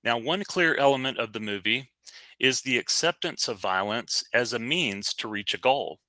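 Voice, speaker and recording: A man's voice: mid-range voice, expressive, normal speed, bright, forceful tone, no echo. A man co-hosting a casual podcast, talking in a chatty, rambling way with many fillers and restarts. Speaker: podcast co-host. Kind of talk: casual podcast movie review.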